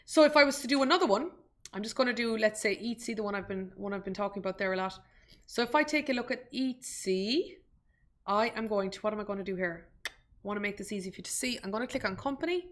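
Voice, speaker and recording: A woman's voice: mid-range voice, fairly bright tone. Chatty Irish woman presenting stocks. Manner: chatty, self-deprecating, asides to viewers. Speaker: investment webinar presenter. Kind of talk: live screen-share stock tutorial.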